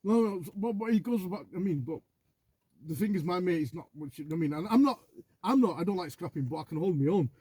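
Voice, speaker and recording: Fast-talking husky man, rambling chat. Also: high voice, animated, mellow, dry recording. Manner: rambling, boastful, swears, constant "you know what I mean". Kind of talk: casual chat.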